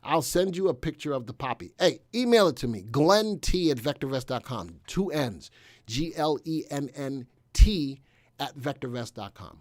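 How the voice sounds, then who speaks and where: A middle-aged man runs a casual live stock stream in a relaxed, chatty way, walking through charts and answering viewers in the chat. His voice sits at an ordinary middle pitch. It sounds dry and close, with no room echo. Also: moderate pace. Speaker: stock market analyst host.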